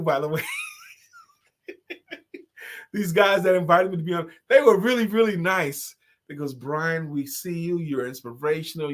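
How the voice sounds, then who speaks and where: A middle-aged man hosting a live stream, playfully giving viewers shout-outs with short improvised sung and rapped jingles and frequent laughter. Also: fairly high pitch. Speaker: host.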